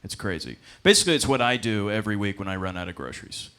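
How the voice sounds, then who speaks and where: On a comedy club stage, a young stand-up comedian does a loose, rambling, self-deprecating set, full of ums and laughing at his own jokes. His voice is on the low side, expressive, quick, pushed and bright.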